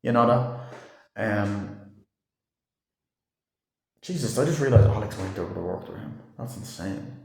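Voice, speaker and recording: A man's voice: fairly low pitch, lively intonation, measured pace, gravelly, long pauses, darkish tone, a little hiss or hum. A man giving a casual, rambling movie review, swearing freely and filling gaps with "like" and "you know". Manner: loose and rambling, swears a lot, many fillers. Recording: roomy echo.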